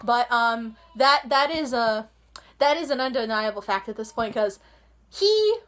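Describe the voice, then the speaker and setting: Excitable, slightly high-voiced woman gushing. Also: moderate pace. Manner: gushing, rambling with restarts. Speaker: anime vlogger. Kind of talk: casual rant.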